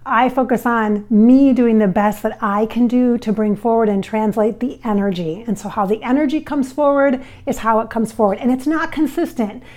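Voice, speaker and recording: Chatty Midwestern-raised woman, higher voice. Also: steady tone, normal speed, hardly any pauses, darkish tone. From American Midwest. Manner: chatty and reassuring, with fillers and restarts. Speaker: spiritual channeler answering viewer comments. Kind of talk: casual talk to camera. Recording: recorded on a microphone.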